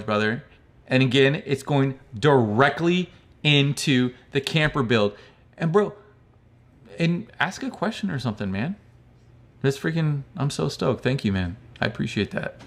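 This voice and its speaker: A man from the United States chats casually on a livestream, reading viewer comments aloud and answering them. He rambles in a friendly, easygoing way, tosses in "bro" and "man," and has a voice of ordinary middle pitch. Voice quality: calls his own speech hick-like.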